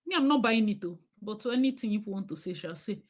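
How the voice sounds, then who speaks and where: A woman's voice: medium pitch, animated, a little fast. A woman from Nigeria with a Nigerian accent, hosting a live stream and giving emphatic, opinionated commentary to her viewers, slipping into Nigerian Pidgin.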